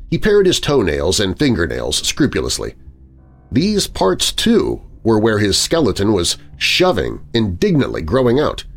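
A man narrating a story in a dramatic audiobook style, expressive and lingering on vivid words, with faint music underneath. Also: on the low side.

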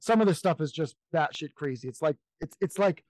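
A man co-hosting a podcast, reading definitions aloud and tossing in amused asides. His voice sits a little high, and the sound is dry and close. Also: expressive, a little fast, darkish tone, no room sound, poor audio. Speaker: podcast co-host. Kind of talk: casual podcast discussion.

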